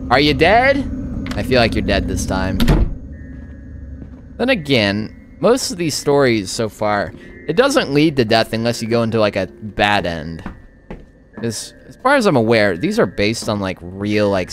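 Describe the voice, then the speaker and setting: Animated man narrating a horror game. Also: lowish voice, a little slow, a little hiss or hum. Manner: rambling, laughing asides. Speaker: gaming YouTuber. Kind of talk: let's play commentary.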